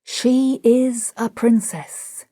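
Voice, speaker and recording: A woman's voice: on the high side, steady tone, extremely slow, dark tone, dry recording, clean studio sound, voice pushed up. A woman reading an audiobook, voicing a boastful man who speaks in grand, self-assured declarations. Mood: pompous. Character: pompous Hungarian man, boastful self-styled expert.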